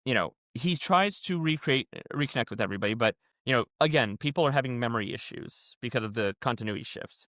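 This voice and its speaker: A man's voice: medium pitch, animated, fast, hardly any pauses, a bit bright, no echo, clean studio sound. A man co-hosting a podcast, explaining things in a rambling, casual way. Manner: rambling, explains comic continuity at length. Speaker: podcast co-host. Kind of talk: casual chat.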